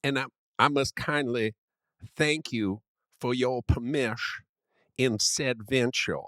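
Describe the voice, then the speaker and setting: A man putting on a pompous, verbose Southern gentleman with a put-on Southern accent, drawing his words out. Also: mid-range voice, dry recording. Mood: grandiloquent. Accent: American Southern, put on. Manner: flowery, drawn-out, overly formal. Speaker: podcast co-host.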